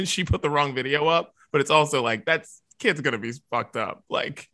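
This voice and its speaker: A man co-hosting a casual podcast chat, animated and jumping up in pitch to make a point. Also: normal speed. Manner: animated, jumps high in pitch for emphasis. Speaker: podcast co-host.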